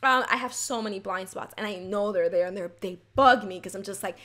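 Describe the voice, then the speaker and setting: A woman's voice: medium pitch, fairly quick, few pauses, sharp tone. A young woman talks straight to the camera in a candid, rambling vlog style. She leans on "like" fillers and breaks into self-mocking laughter. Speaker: vlogger. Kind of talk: casual confessional talk to camera.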